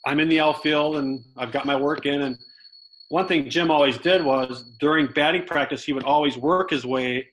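A man's voice: mid-range voice, poor audio. A middle-aged man casually telling baseball stories in an interview, acting out the quotes he tells. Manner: animated storyteller who acts out quotes with swearing.

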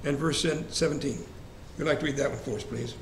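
A man's voice: medium pitch, fairly even intonation, brisk. A man leading a church Bible study class in a conversational way, asking the group questions and repeating verse references. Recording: echoey room, faint ambient hiss.

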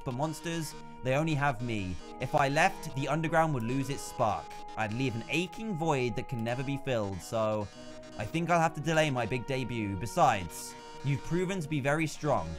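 A man's voice: mid-range voice, close to an everyday voice. A man reading the part of a flamboyant male robot TV star with a dramatic, showman-like delivery, calling people darling.

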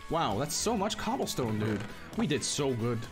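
A man's voice: mid-range voice, big pitch swings, normal speed, over music. A man streaming a game, chatting casually and teasing his co-player with jokey banter. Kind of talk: casual gaming stream chat.

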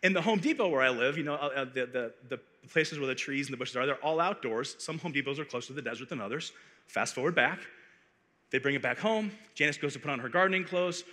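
A man from Arizona, a conference speaker, telling a funny story in a playful, animated way, on a stage microphone in a large hall. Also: medium pitch, quick pace. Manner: animated, playful, building comic tension. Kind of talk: comic storytelling talk. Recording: echoey hall reverb.

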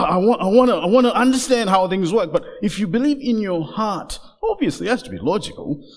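A man preaching a sermon as a guest speaker, swinging from loud emphatic peaks to hushed, low passages. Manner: passionate, rising to loud emphatic peaks then dropping very low and soft. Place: church sanctuary. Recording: church hall with long reverb.

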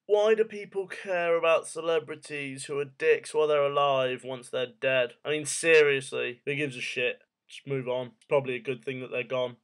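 Rambling young man asking odd questions. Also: mid-range voice. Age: 20s. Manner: jokey, rambling rhetorical questions, swears casually. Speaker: vlogger. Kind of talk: casual rambling monologue.

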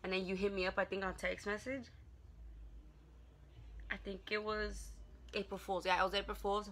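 Bright-voiced young woman chatting. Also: mid-range voice, little pitch movement, moderate pace. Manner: laughing, playful storytelling. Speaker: vlogger. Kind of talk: casual chat.

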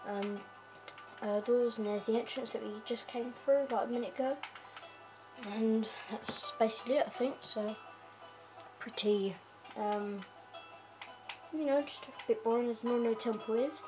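A woman's voice: fairly high pitch, steady tone, unhurried, music in the background. A woman hosting a casual game walkthrough, chatty and giggly, with lots of fillers and a habit of talking to her pet. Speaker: gaming video host.

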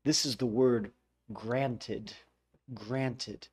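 A man's voice: fairly high pitch, expressive, slow. An American man teaching English pronunciation in a casual video lesson, repeating sounds to model them.

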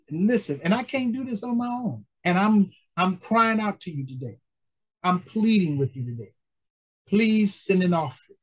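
Male pastor, middle-aged, high voice, pleading sermon delivery full of "amen" and repetition. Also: expressive, normal speed. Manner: pleading, repeats phrases with frequent "amen" and "praise God". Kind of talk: preaching appeal for support.

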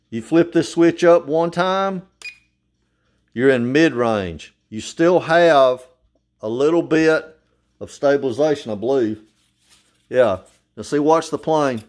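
An older man talks through a hands-on demonstration at home in a relaxed, folksy way. His voice sits at an ordinary middle pitch, and he speaks plainly as he explains each step in turn. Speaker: hobbyist demonstrating a model plane. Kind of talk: casual how-to demonstration.

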